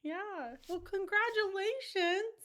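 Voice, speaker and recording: A woman's voice: very high voice, fairly bright tone. A woman playing a tabletop role-playing game, chatting with joking asides and puns. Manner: joking, quick asides, laughs at own puns. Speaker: player. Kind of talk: in-character tabletop role-play chat.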